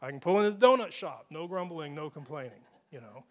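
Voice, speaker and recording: Male pastor, high voice, chatty and self-mocking, rises to emphatic peaks. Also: animated, fast. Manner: conversational, self-deprecating, builds to emphatic peaks. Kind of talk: sermon.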